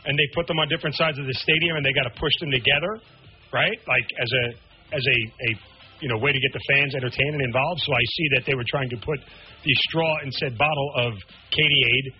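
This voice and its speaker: A man's voice: medium pitch, fairly even intonation, muffled recording, faint music behind. A man co-hosting a radio show, joking and musing in casual banter. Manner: joking, chatty, drawn-out musings. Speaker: radio co-host.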